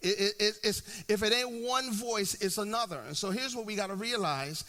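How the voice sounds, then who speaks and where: A man's voice: high-pitched, normal speed, sharp tone. A man in his forties, a pastor preaching a sermon in a conversational way, often checking in with the congregation and restarting his phrases. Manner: frequent restarts and repeated words.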